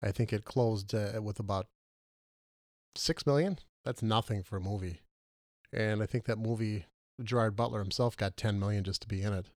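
A man co-hosting a casual movie podcast, questioning his partner and arguing his points with lively jumps in pitch. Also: moderate pace, no echo, studio quality. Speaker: podcast co-host.

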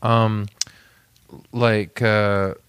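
A man's voice: lowish voice, little pitch movement, very slow, a bit bright, smooth, dry recording. A man co-hosting a podcast, rambling through absurd jokes in casual chat. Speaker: podcast co-host.

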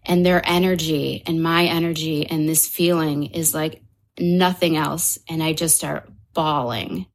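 Woman telling an animated story, slightly low. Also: unhurried. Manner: animated, voices other people in her story, frequent fillers. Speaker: podcast guest. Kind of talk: casual storytelling interview.

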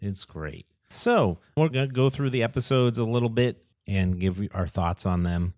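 A low-voiced man co-hosts a podcast in relaxed, chatty conversation. His voice is recorded dry and close, with no room sound. He laughs easily between points. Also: moderate pace, dry recording. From United States. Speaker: podcast co-host. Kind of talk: casual chat.

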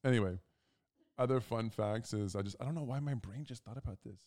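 A man in his thirties co-hosting a casual chat, telling stories animatedly and acting out other people's lines. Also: brisk. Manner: animated, acts out quotes in loud, high voices. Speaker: podcast co-host.

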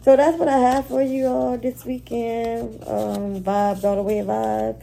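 Woman host of a casual reading vlog; slow, candid and slangy delivery, deep dark timbre. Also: level tone, gravelly, a little hiss or hum, rough recording. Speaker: astrology and spiritual reading host.

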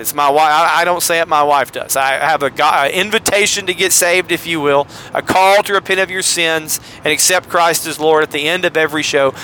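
A man's voice: on the high side, bright, forceful tone, slight background noise. A man hosting a solo podcast from a car, talking in a rambling, jokey way full of asides. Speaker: podcast host.

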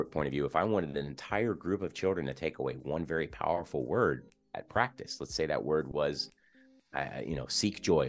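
A man who coaches youth sports, a podcast guest explaining his ideas earnestly and growing animated as he makes his points. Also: rumbling low. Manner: earnest and explanatory, gets animated and louder when making points. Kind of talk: in-depth interview conversation.

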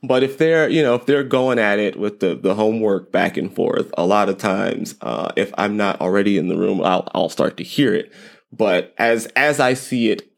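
Low gravelly man giving parenting advice. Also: normal speed. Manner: rambling, repeats words, light self-deprecating humor. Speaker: podcast host. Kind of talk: casual parenting advice monologue.

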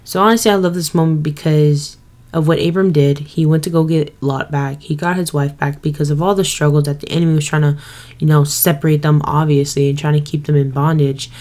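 Low-voiced young woman, slangy podcast host. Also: brisk. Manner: slangy, lively retelling with quoted voices. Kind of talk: casual faith podcast retelling.

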